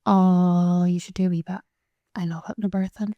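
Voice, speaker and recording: A woman's voice: lowish voice, steady tone, moderate pace, no room sound, muffled recording. A woman hosting a podcast, chatting casually and encouraging her guest with advice. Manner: encouraging and advising, warm chatter. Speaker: podcast host. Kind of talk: casual interview chat.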